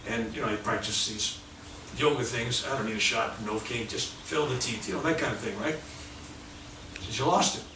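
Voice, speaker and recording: An older man giving a spiritual workshop lecture, telling a story with animated acted-out dialogue. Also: mid-range voice, moderate pace, noisy background. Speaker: workshop speaker. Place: workshop room. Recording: roomy sound from a distant mic.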